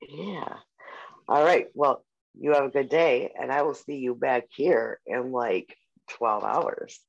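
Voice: medium pitch, slow pace, vocal fry. A podcast co-host in their forties, chatting casually with lots of fillers and easy swearing. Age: 40s. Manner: rambling, full of "like" and "um", casual swearing. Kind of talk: casual chat. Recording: muffled lo-fi audio.

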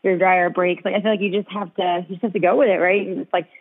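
A woman's voice: lowish voice, fast, breathy edge. A woman co-hosting a podcast, telling stories in casual chat and saying "like" constantly. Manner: animated storytelling, heavy use of "like". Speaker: podcast co-host. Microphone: call. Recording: tinny phone-line call.

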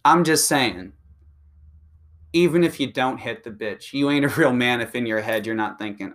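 A man's voice: medium pitch, normal speed, fairly bright tone. A man delivering a profane, combative ranting monologue that speeds up when he gets heated. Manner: crude, combative, and provocative.

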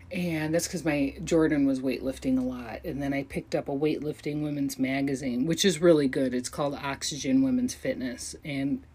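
A woman's voice: sits low, breathy edge. A woman in her thirties hosting her own podcast, rambling casually with frequent ums, restarts and self-deprecating asides. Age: 30s. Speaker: podcast host. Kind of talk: casual solo podcast monologue.

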